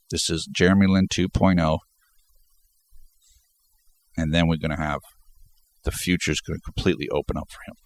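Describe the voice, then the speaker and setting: Deep-voiced congested man talking basketball. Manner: emphatic, repeats words while building points. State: congested, stuffed up. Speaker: fan channel host. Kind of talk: sports commentary vlog.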